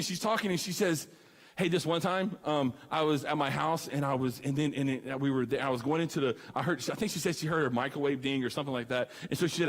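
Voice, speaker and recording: High-voiced man preaching in a hall. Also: quick pace. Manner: animated storyteller, acts out dialogue. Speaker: student ministry speaker. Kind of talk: youth sermon with comic stories. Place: church hall. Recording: long hall reverb.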